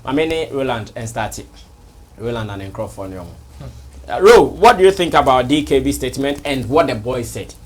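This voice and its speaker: A Ghanaian man hosting an entertainment news show, speaking in a measured way and often affirming with short murmurs. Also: mid-range voice, animated, husky. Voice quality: measured, affirming with frequent mm-hmms. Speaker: host.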